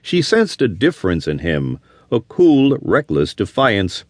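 A man's voice: on the low side, huge pitch swings, a little slow, a little mellow, no echo, studio quality. A man reading a western novel aloud as an audiobook narrator, telling the story expressively. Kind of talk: scripted narration.

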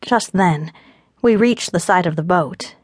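A woman reads first-person romance narration in a steady, measured voice. Her pitch sits a little low, and the studio sound is dry and close. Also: husky, no echo. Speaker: audiobook narrator. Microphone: close studio mic.

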